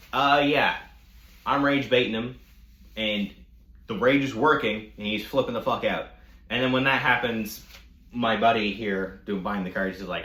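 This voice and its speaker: A man telling a casual storytime rant, animated, mocking and full of profanity. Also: on the low side, reverberant. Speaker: storytime vlogger.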